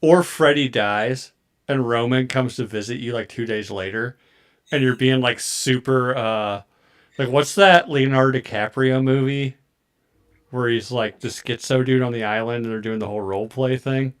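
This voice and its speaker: A man co-hosting a comedy podcast who teases playfully. His voice has a middling pitch for a man. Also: moderate pace, clear, resonant tone. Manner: playful teasing. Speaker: podcast co-host. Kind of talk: casual comedic chat.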